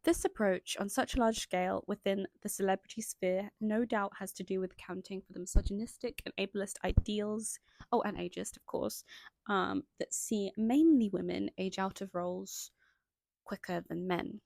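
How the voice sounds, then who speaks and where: Woman with a gravelly fry, video essay. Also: mid-range voice, normal speed, a little mellow, no echo. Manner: reads from a script, breaks off into chatty self-conscious asides. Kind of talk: video essay narration with casual asides. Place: indoors at home, lighting changing.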